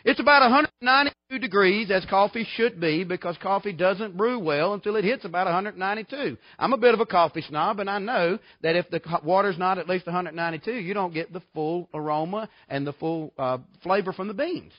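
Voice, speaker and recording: A man's voice: high-pitched, a little fast, few pauses, dry recording, dull audio. A man preaching a sermon, telling folksy stories with emphatic bursts. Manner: folksy, emphatic storytelling with sudden loud outbursts.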